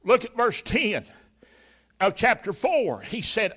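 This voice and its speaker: Pastor, male, high and bright voice, folksy animated preacher who acts out scripture. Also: slow pace, breathy edge. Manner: folksy, colloquial. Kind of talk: sermon.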